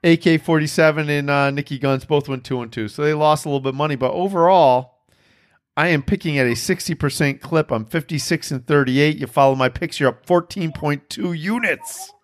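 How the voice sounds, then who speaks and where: A man's voice: a little high, brisk. A man hosting a podcast in casual chat, telling a rambling, profane story with self-mocking laughs. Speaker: podcast host.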